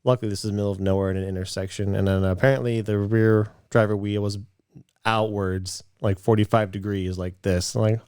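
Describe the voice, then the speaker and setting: A podcast co-host in his late twenties tells a rambling story in casual chat, restarting often and sounding a bit out of breath. His lowish voice is fairly quick, a little mellow, with little pitch movement, recorded cleanly in a studio with no room sound.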